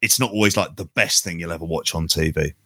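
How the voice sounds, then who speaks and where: A man's voice: low voice, fast talker, sharp tone, no echo. A man in his forties, a podcast co-host in casual chat, rambling and sweary with strong opinions.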